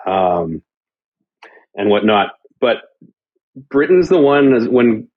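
A man from Canada hosting a casual podcast chat, animated and laughing, often dropping into mock voices. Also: mid-range voice, slow pace, dull audio. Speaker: podcast host.

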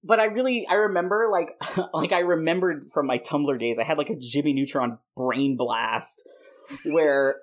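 A podcast host in a casual chat, playfully rambling through a made-up comic plot with lots of "like" fillers. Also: mid-range voice. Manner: playful, rambling, frequent laughs and many "like" fillers.

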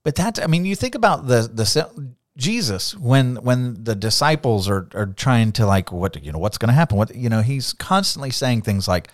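Male co-host, lively swinging delivery, dry close sound, casual scripture talk that acts out its quotes. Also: medium pitch, moderate pace, hardly any pauses, no room sound. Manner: animated, acts out quotes, repeats words. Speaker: podcast co-host. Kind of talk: casual Bible discussion.

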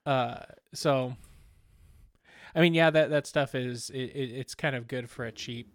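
A man co-hosting a casual podcast chat, talking in a halting, hesitant way and making fun of himself. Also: mid-range voice. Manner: hesitant, halting, self-deprecating. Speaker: podcast co-host.

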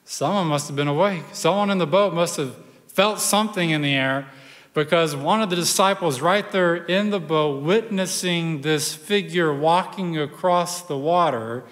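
A pastor preaching a sermon, telling the story in a conversational, animated way with personal asides. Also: male voice, sits high, in a large hall.

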